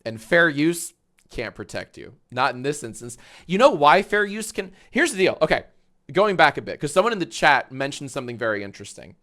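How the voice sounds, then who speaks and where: A man's voice: on the high side, very animated, fairly quick, fairly bright tone. A man hosting a casual livestream, reacting to videos with sarcastic, profane rants. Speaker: livestream host.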